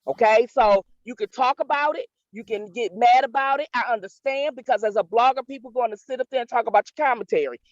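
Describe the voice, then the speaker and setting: A woman's voice: a little high, fast talker, few pauses, dry recording, lo-fi sound. A woman blogger on a call, talking firmly and defending herself. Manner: firm, defensive, explaining herself. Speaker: blogger guest. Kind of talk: casual call-in chat.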